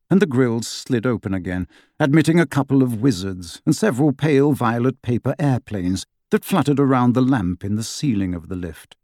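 A man reads a fantasy novel aloud as an audiobook, telling the story expressively. His pitch is medium and his pace moderate. It's scripted narration recorded cleanly in a studio with no room sound.

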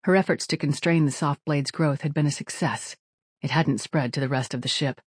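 An audiobook narrator reading in a steady, even manner at a middling pitch. The sound is close and completely dry, with no room around the voice. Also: moderate pace, husky, no echo. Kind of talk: scripted narration.

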